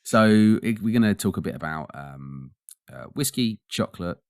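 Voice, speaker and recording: A man with a husky, very low voice, his throat still rough from the flu. He co-hosts a podcast with a laid-back, joking ease, recorded close and dry with no room sound. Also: expressive, moderate pace, no echo. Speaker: podcast co-host. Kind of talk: casual chat.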